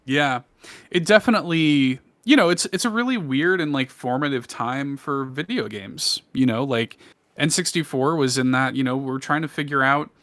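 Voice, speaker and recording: Enthusiastic, bright-voiced man chatting. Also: medium pitch, moderate pace, no room sound. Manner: enthusiastic, rambling with many fillers. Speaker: podcast co-host. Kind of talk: casual chat.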